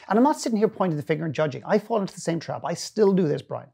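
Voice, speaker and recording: A man's voice: a little high, very fast, gravelly, few pauses, breathy edge. A middle-aged man, a guest and inspirational speaker, telling stories earnestly in a long interview, often restarting his sentences. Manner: earnest, animated storytelling with frequent restarts. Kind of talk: storytelling in a long-form interview.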